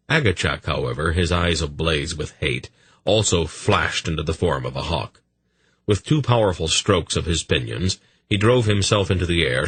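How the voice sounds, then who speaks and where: A man narrating a fantasy audiobook in a measured, steady storytelling manner. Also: low voice, breathy edge, no echo.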